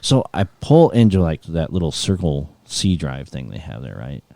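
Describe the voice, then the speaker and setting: Middle-aged male guest, casual storyteller, lowish, very expressive delivery, dry close sound. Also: normal speed, vocal fry, no room sound. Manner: animated rambling storyteller, laughs often. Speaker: guest musician.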